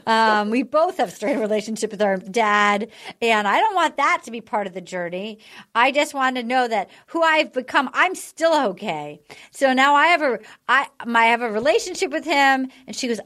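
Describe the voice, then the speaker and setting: A woman's voice: fairly high pitch, lively intonation, moderate pace, a bit bright. A woman chatting casually as a podcast host, recapping a dating show and acting out quotes in mocking voices.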